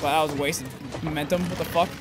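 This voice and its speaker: A man giving let's-play commentary while playing, swearing often and swinging from low grumbling to high yelps. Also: steady tone, quick pace. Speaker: gameplay commentator. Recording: game music loud behind voice.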